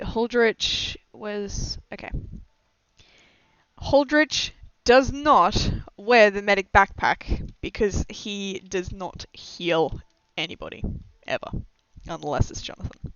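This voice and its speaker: A young adult streamer with a smooth, mid-range voice and fairly bright tone chats casually during a live stream, rambling with frequent giggles and self-deprecating asides. The slightly dull lo-fi mic gives a dry sound with no echo.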